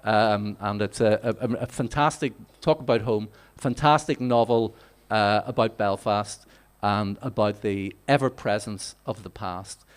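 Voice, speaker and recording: A man's voice: lowish voice, a little slow, hardly any pauses, clean tone. A male novelist from Ireland, telling a rambling anecdote with many fillers on a theatre stage. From Northern Ireland. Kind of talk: anecdote at a literary reading.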